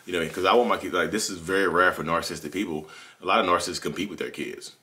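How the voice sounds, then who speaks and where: Fast-talking deep-voiced man. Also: pushed and bright. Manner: candid, rambling, self-correcting. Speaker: channel host. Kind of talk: confessional monologue.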